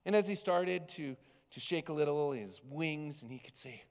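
A man preaching a sermon as pastor, telling a story with big swings between loud and hushed. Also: fairly high pitch, animated, normal speed. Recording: long reverb of a large hall.

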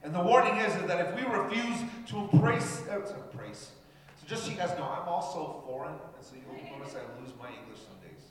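A man's voice: fairly high pitch, expressive, a little fast, a bit bright. A man from Canada preaching a sermon, talking conversationally and addressing the congregation directly. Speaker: pastor. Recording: echoey hall with long reverb.

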